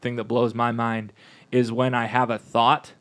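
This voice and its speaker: A man's voice: medium pitch, level tone, a little slow, fairly bright tone. Guy from a church podcast, just chatting, lots of ums and restarts, normal mid voice. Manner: chatty, rambling with restarts and fillers. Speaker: parish podcast co-host. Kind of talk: casual chat.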